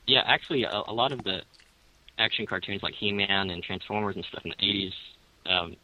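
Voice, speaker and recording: A man's voice: lowish voice, steady tone, brisk, bright, forceful tone, a little hiss or hum, rough recording. A man in his thirties as a guest, speaking hesitantly with repeated words and fillers. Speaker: guest comic creator. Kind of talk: casual interview chat.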